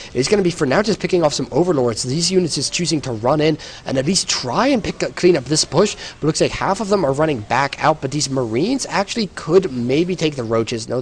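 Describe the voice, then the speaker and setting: An esports caster with a medium-pitched, slightly rough voice sounds tired as he gives solo play-by-play on a strategy game, explaining the action with some hesitation.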